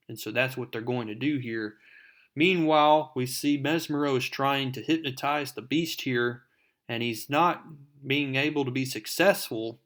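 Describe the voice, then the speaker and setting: A man's voice: medium pitch, unhurried, fairly bright tone. Give me an enthusiastic man recapping a comic book issue for his viewers. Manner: enthusiastic, addresses viewers as folks.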